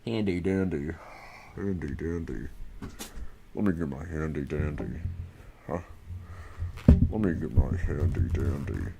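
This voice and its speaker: A man's voice: rumbling low, unhurried, long pauses, very noisy, voice pushed down. A man putting on a goofy voice, repeating and rhyming a phrase in a sing-song way. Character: goofy deep-voiced man chanting silly rhymes.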